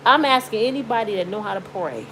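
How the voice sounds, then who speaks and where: A woman's voice: mid-range voice, animated, fast, fairly bright tone, slight background noise, rough recording. A middle-aged woman from Michigan, a YouTuber, venting in an outspoken, pleading personal vlog from her bed at home. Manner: outspoken, pleading, swings from indignant to tearful. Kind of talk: emotional personal vlog rant.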